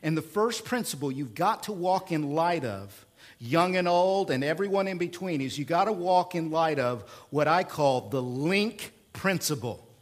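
A man preaching a sermon in a conversational, emphatic way, with rhetorical questions and swings between loud bursts and quiet asides. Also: a little high, lively intonation, moderate pace. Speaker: pastor.

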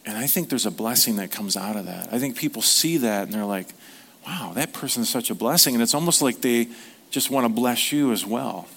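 A middle-aged male pastor delivering a sermon in a loose, conversational way, cracking jokes and tossing questions out to the congregation. His voice sits at an ordinary middle pitch for a man. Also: animated, fairly quick, vocal fry, fairly bright tone. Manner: conversational, joking preaching with audience questions.

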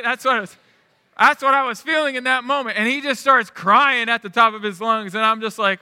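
A man's voice: high-pitched, steady tone, a little fast, sharp tone, clean tone, dry recording, studio quality, long reverb tail. A male pastor preaching a sermon in a conversational, storytelling way, often restarting his sentences.

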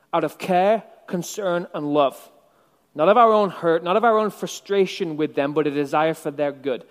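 A man's voice: sits high, big-room sound. A male preacher giving a sermon in a conversational, reflective way, with wry asides.

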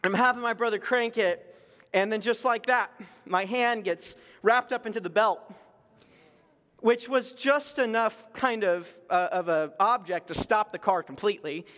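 High-voiced pastor in a reverberant hall. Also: male voice, a little slow. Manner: conversational, animated storytelling with self-deprecating humor. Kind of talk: storytelling sermon. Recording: long reverb in a large hall.

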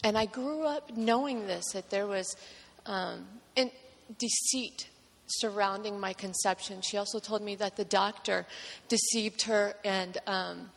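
A woman from Georgia giving an emotional personal testimony at church, halting with many pauses. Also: mid-range voice, creaky, long reverb tail. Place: church sanctuary.

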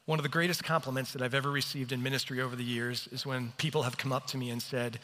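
A man's voice: mid-range voice, fast, sharp tone. A man preaching a sermon as pastor, telling stories on himself in an earnest, self-deprecating way. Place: church hall. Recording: reverberant church hall.

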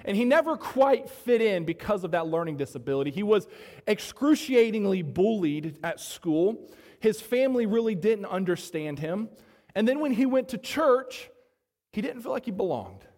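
A man with a high voice preaches a sermon, now and then asking the church to agree with him. He rises to loud emphasis and then drops to quiet, low asides. His voice carries a long reverb, as in a big hall. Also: big pitch swings, moderate pace. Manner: call-and-response, asking the congregation to agree; dynamic, swinging between loud emphasis and soft low asides. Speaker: pastor.

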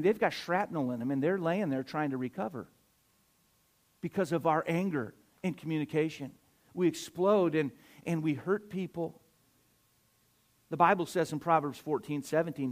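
A middle-aged man, a pastor preaching a sermon, swinging between loud emphatic surges and quiet asides. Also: a little high.

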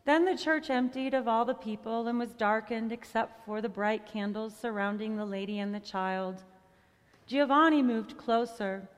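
A woman telling a storybook tale in an expressive, soft-edged manner, closing with a prayer. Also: on the high side, normal speed, smooth, big-room sound. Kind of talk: storybook reading ending in prayer.

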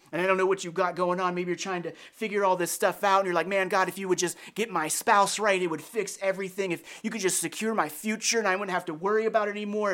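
A man's voice: sits high, a bit bright. A man preaching a sermon as a pastor, telling a personal story in an earnest way and acting out his own prayers.

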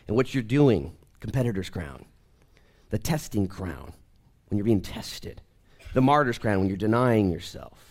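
A man preaching a church sermon, swinging from quiet, slow reading to near shouting, choking up with emotion as he reads scripture aloud. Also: on the low side. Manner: emotional, close to tears while reading scripture. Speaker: pastor.

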